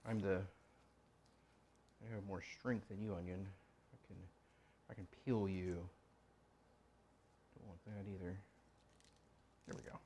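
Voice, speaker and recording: A deep-voiced man hosts a casual cooking vlog from his home kitchen, chopping while he rambles and jokes to himself and his viewers. His delivery is mellow and fairly even in intonation, at a measured pace with long pauses, over a faint hiss or hum.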